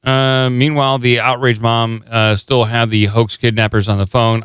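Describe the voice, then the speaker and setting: A man's voice: medium pitch, little pitch movement, normal speed, hardly any pauses, fairly bright tone, smooth, no room sound. A man co-hosting a podcast, reading a news story aloud with sarcastic, jokey asides. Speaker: podcast co-host. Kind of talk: casual chat, reading a news article aloud.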